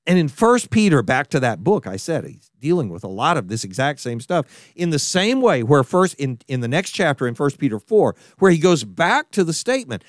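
A man preaching a sermon in an animated, conversational way, often restarting his sentences and adding asides. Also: on the high side, no echo, studio quality. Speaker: pastor.

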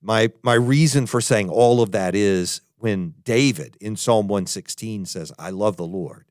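A man preaching a podcast sermon in an earnest tone, moving between emphatic and hushed. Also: on the low side, measured pace, dry recording, studio quality. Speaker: pastor.

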